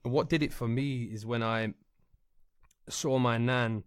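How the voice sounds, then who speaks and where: A man's voice: mid-range voice, steady tone, measured pace, clear, resonant tone, no room sound, clean studio sound. A young man hosting a podcast, chatting casually in a rambling, sweary and heartfelt way. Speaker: podcast host.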